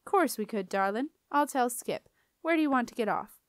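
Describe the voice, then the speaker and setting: A cocky young barge boy, voiced by a woman in a storybook reading, speaking in a slangy, overfamiliar way. He sits a little higher than the narration. The sound is dry and close. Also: animated, moderate pace, dry recording, natural voice. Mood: cheeky. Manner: slangy, overfamiliar, calls her darlin'.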